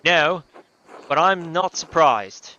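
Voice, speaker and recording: A man voicing a gruff, scornful village man with an Australian accent. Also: on the high side, lively intonation, slow pace, bright, forceful tone, dull audio, pitched above the performer's own voice, heavily acted. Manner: complaining, scornful. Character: gruff grumbling village man, gossiping about a thief.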